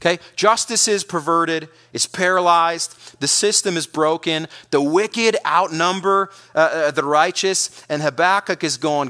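A man preaching a sermon, energetic and emphatic, often repeating words as he pushes his point. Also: fairly high pitch, a little slow, hardly any pauses. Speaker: pastor.

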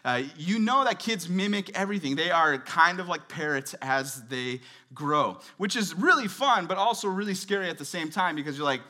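A man in his thirties giving a relaxed, chatty guest sermon with light humor and lots of fillers. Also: fairly high pitch, normal speed. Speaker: guest pastor. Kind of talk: conversational sermon. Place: church service.

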